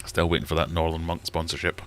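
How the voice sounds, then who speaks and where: Deep-voiced middle-aged guy rambling on a livestream, joking at his own expense. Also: little pitch movement, fast, a bit bright. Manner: rambling, self-deprecating, chatty. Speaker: livestream host. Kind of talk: casual livestream chat. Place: small warm fish room at home.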